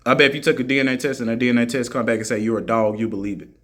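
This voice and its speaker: Forceful, argumentative man. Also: mid-range voice, flat delivery, rapid-fire. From United States. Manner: argumentative, mocking, repeats his points for emphasis. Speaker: vlogger answering critics. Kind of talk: heated monologue rant.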